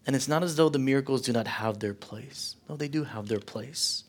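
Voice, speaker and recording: Impassioned male preacher delivering a sermon. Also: normal speed. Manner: impassioned preaching, swelling louder on questions and dropping low for quotes. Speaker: pastor.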